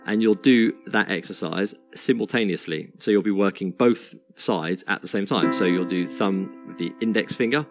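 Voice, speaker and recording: A man with a very low voice gives a casual piano lesson, talking easily and counting beats aloud while he plays. Loud piano keeps sounding behind his voice. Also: normal speed, few pauses. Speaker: piano teacher. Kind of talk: casual instructional talk over piano playing.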